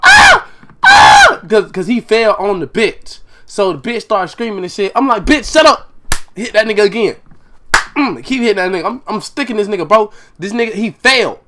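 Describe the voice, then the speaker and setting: A young man casually telling a school storytime over gameplay, animated and profane, full of street slang, acting out the other people's lines. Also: fairly high pitch.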